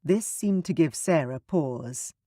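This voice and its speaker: A man narrating a romance audiobook in an even, measured way. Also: on the high side, no echo, studio quality.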